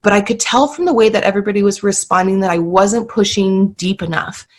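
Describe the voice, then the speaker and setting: A woman's voice: medium pitch, brisk. A woman in her thirties, a podcast guest telling her own story in an earnest, heartfelt way with many fillers. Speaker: guest sharing birth story.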